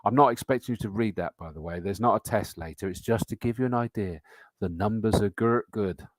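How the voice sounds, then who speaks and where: A man's voice: lowish voice, fairly quick, dry recording. A middle-aged man with a chatty, matey manner, hosting a motor racing live stream and reading out viewer comments. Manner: chatty, matey, reads out comments and entry lists. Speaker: host.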